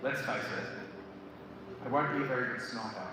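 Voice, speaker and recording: A man's voice: mid-range voice, brisk, very noisy. A man in his thirties giving a live motivational speech to students, telling comic stories and acting out voices. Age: 30s. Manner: animated storytelling, acts out voices and shouts. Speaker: motivational speaker. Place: school hall, live before students. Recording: echoey school hall from far off. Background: hall ambience.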